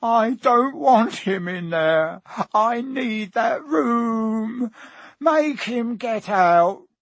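A man's voice: very high voice, lively intonation, no echo, voice pushed up, heavily acted. A man doing a spoiled bawling boy. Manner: whining, drawn-out shouting.

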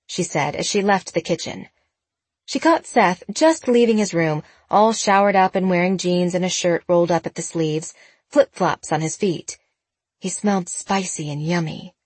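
Casting: female audiobook narrator, lower register, dry booth sound, shifts voice for each character. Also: animated, normal speed, breathy edge, no room sound. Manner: shifts pitch for different characters.

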